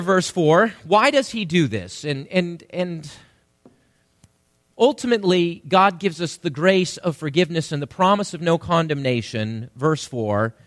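A man's voice: on the high side, fairly bright tone, no room sound, studio quality. A male pastor preaching an emphatic sermon and asking the congregation questions.

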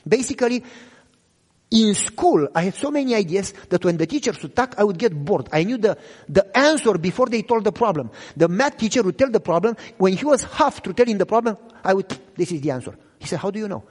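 A man's voice: high voice, expressive, a little fast, a little mellow, big-room sound. A man preaching a sermon in English, a second language for him, earnestly sharing his own testimony and often asking listeners whether they follow him. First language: not English. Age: adult with children.

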